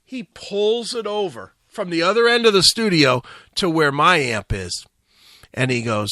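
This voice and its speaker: High-voiced, bright male radio host. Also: measured pace, no echo, studio quality. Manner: profane, animated storyteller acting out quotes. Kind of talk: casual storytelling.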